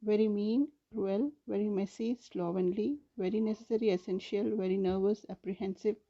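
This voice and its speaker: A woman English teacher reading a vocabulary list in a steady, measured way. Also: mid-range voice, muffled recording.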